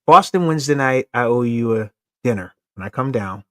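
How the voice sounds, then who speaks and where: A man's voice: mid-range voice, expressive, normal speed, no room sound, studio quality. A man co-hosting a casual sports talk show, joking, teasing and laughing between points. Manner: laughing, playful trash talk.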